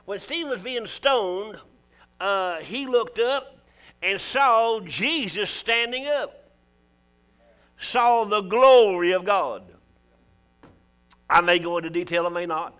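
High-voiced folksy Southern preacher man. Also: animated, takes it slowly, pauses often, a bit bright. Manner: folksy, joking, emphatic calls to the crowd. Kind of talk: sermon.

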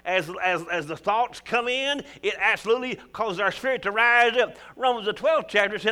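High-voiced folksy Southern preacher man. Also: moderate pace, hardly any pauses, bright, forceful tone, smooth. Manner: folksy, joking, emphatic calls to the crowd. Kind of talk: sermon.

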